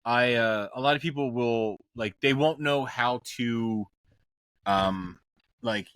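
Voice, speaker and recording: A man's voice: medium pitch, takes it slowly, fairly bright tone, clean tone, no echo. A middle-aged man co-hosting a casual podcast, laid-back with dry humor. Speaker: podcast co-host. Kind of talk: casual chat.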